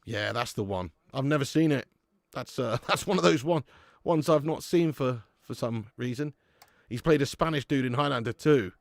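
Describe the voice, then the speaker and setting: A young man with a mid-range, creaky voice talks at normal speed while hosting a live football watch-along. Reading viewer comments, he chats casually, laughs often and swears freely. The sound is studio quality with no room sound.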